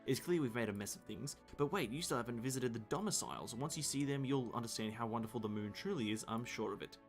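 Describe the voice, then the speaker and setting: A man reading game dialogue aloud while voicing an excitable, fussy little rabbit-like moon creature. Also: medium pitch, fast talker, faint music behind, lightly acted. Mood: fretful. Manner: eager, fussy chatter.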